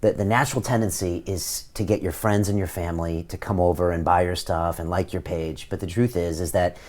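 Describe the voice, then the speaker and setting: A man's voice: sits low, steady tone, brisk, darkish tone. A male podcast host in an interview, talking directly and in a motivational tone about building a business. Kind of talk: interview, coaching talk.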